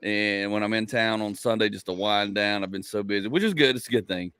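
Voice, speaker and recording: A man, a comedian and podcast host, telling a rambling story in casual chat. He laughs at his own stories and his voice jumps up in pitch. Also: brisk, a bit bright, clear, resonant tone, no echo.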